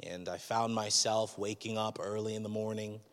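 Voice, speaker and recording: A man's voice: lowish voice, fairly even intonation, moderate pace, in a large hall. A man preaching a sermon as a pastor, speaking in a candid, conversational and personal way.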